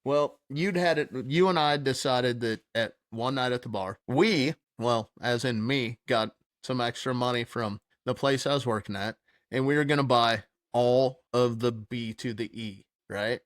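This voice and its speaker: A man telling a wild story in casual chat, animated, laughing and swearing freely. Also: mid-range voice, a little slow, no echo, studio quality. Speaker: podcast co-host.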